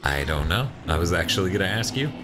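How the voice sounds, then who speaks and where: A man's voice: sits low, big pitch swings, fast, music in the background. A man co-hosting a casual gaming stream, reading viewer messages aloud and adding joking asides. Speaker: stream co-host reading chat.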